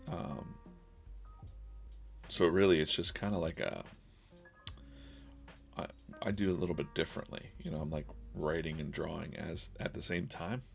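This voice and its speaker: A man's voice: extremely low pitch, steady tone, normal speed, creaky, pauses often, soft background music. A man streaming live while drawing comics, chatting casually and rambling, with lots of laughs and silly quoted voices.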